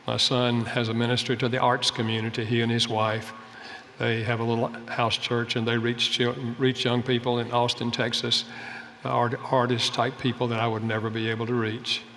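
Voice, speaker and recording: An older man speaks in an earnest, folksy sermon style, weaving in stories from his own family. His voice is bright and forceful, with pitch right in the middle for a man. The sound carries the long echo of a large hall, with a faint background hum. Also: little pitch movement, normal speed.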